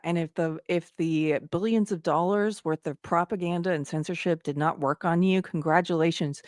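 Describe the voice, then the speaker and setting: Low-voiced woman hosting a commentary show. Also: a little slow, a little mellow, no echo, studio quality. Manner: earnest, addresses viewers directly. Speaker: show host. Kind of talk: direct-to-camera commentary.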